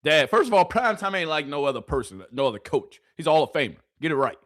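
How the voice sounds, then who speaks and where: A man's voice: fairly high pitch, sing-song, quick pace, a bit bright, no room sound, studio quality. A man giving casual sports reaction commentary, incredulous and heated, swearing freely as he argues back at a clip.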